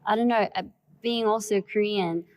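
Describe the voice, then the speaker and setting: Soft-spoken young woman, hesitant. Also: medium pitch, moderate pace. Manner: soft, hesitant, many fillers and restarts. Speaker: guest. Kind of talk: casual interview chat.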